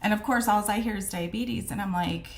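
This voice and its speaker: A woman's voice: mid-range voice, brisk, vocal fry. A chatty woman tells her personal story straight to camera in a mid-range voice. She talks frankly, throws in fillers and the odd swear word, and slips into the voices of people she quotes. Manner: chatty, retells scenes with quoted dialogue. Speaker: vlogger sharing her diagnosis story.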